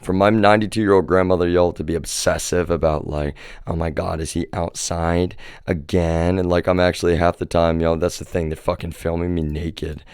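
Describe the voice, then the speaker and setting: A man's voice: low voice, clear, resonant tone, no room sound, studio quality. A man livestreaming from home, delivering a profane, agitated monologue to his viewers and addressing them again and again as "y'all". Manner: profane, repeatedly says "y'all". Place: home residence.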